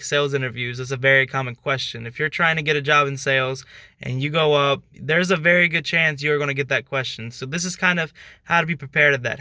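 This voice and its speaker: Chatty young man, bright crisp voice. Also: on the high side, no echo. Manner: loose and chatty, many fillers like "like" and "kinda". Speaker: channel host giving sales tips. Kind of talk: casual talk-to-camera tutorial.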